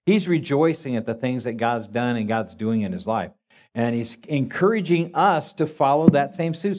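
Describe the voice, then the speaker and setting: A man's voice: on the high side, darkish tone. A man preaching as pastor, folksy and storytelling, with frequent restarts. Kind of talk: sermon.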